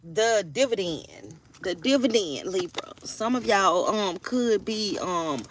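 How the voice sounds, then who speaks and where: A woman's voice: mid-range voice, lively intonation, slow pace, a little hiss or hum. A woman in her forties giving a casual tarot reading, blunt and profane, preaching and often asking if you hear her. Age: 40s. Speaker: tarot reader.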